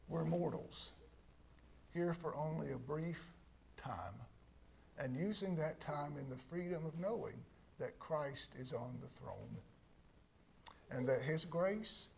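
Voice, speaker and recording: A man delivering a sermon from the pulpit at a very slow, deliberate pace. His voice sits slightly high for a man and swells, then sinks to near-whispers on key words. A faint ambient hiss runs under the recording. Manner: slow and emphatic, repeating key words, dropping to a hush. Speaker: pastor.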